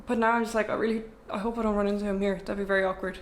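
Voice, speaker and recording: A woman's voice: mid-range voice, little pitch movement, rapid-fire. A young woman, a travel vlogger chatting casually to camera in a rented apartment, rambling and wry.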